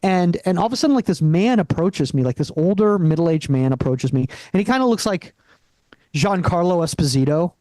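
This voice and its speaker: A man's voice: on the high side, expressive, brisk, darkish tone, dry recording. A young man doing a rambling stand-up set in a comedy club, with lots of restarts and acted-out quotes.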